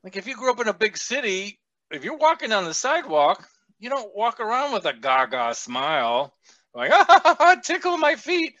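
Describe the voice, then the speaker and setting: Animated, high-voiced man laughing through banter. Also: moderate pace, no echo, lo-fi sound. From a big US city. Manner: animated, profane, laughs often, acts out quotes. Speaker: podcast host. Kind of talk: casual podcast chat.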